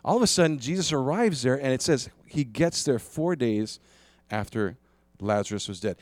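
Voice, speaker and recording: A man preaching a sermon as pastor, retelling a Bible story in a conversational, animated way with rhetorical questions. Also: medium pitch, quick pace, dry recording.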